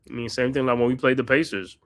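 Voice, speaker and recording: A man's voice: mid-range voice, steady tone, fast talker, a bit bright, no echo. A man hosting a live watch-party podcast, doing casual play-by-play with slangy chat and laughs. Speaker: podcast host calling the game.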